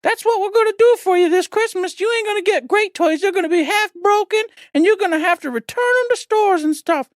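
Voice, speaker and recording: A man's voice: very high voice, brisk, few pauses, no echo, pitched above the performer's own voice. A man putting on the voice of a chatty, grumbling male Christmas elf who rambles in a folksy, pleading way during a comic podcast bit. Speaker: podcast host.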